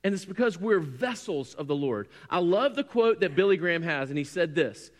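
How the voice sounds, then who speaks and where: A male pastor preaching a sermon in an animated, self-deprecating way, often acting out stories. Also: a little high, moderate pace, hardly any pauses, long reverb tail.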